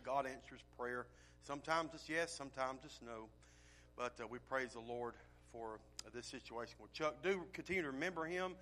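A man, a pastor giving a folksy church welcome and announcements, with frequent fillers and swells in loudness. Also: medium pitch, normal speed.

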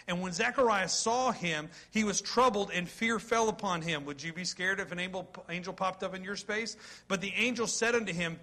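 A man in his forties preaching a sermon, reading scripture aloud and joking in a folksy, animated way with his congregation. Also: high voice, normal speed. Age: 40s. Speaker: pastor.

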